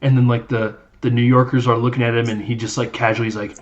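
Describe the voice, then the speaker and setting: A man's voice: medium pitch, flat delivery, fast. Chatty man on muffled podcast audio. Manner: loose and chatty, many fillers, laughs while acting out scenes. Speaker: podcast host. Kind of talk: casual film recap chat.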